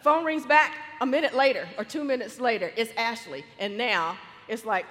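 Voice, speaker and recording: High-voiced woman telling a lively story. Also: normal speed, hardly any pauses, long reverb tail, a little hiss or hum. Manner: lively, animated retelling with quoted voices. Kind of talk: personal faith storytelling.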